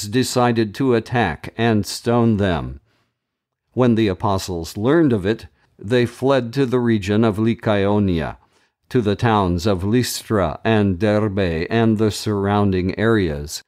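A man hosting a daily Bible reading podcast, reading scripture aloud in a measured, deliberate way with brief commentary. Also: lowish voice, darkish tone.

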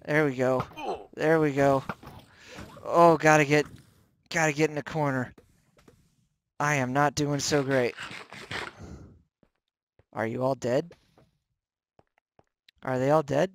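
A man hosting a game let's play, commenting on his own play with jumpy, excitable reactions, yelps and self-mockery, close to the microphone. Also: medium pitch, slow pace, pauses often, a little hiss or hum. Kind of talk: gameplay commentary.

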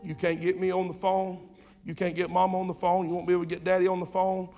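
High-voiced impassioned male preacher. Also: monotone, quick pace, faint music behind. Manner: impassioned, repetitive, swinging from loud urging to quiet asides. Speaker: pastor. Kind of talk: sermon. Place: church sanctuary.

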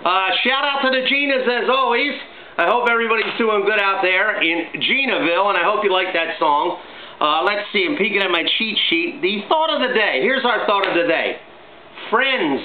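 A middle-aged man hosting his own vlog, talking in a chatty, upbeat, jokey way full of shout-outs. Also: sits high, a little fast. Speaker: vlog host. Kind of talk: casual home vlog monologue. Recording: echoey, tinny phone-like sound, faint hiss.

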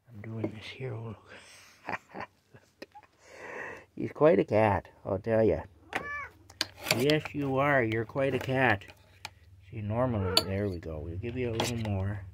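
Slow gravelly man talking to cat. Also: fairly low pitch, a little hiss or hum. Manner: slow, fond baby talk to his cat. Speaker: cat owner filming his cat. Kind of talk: casual home vlog talking to a pet. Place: at home indoors.

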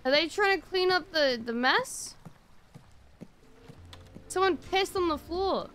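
A young woman streaming a game, reacting out loud with quick exclamations and frequent swearing. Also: extremely high pitch, expressive. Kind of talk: casual live-stream gameplay commentary.

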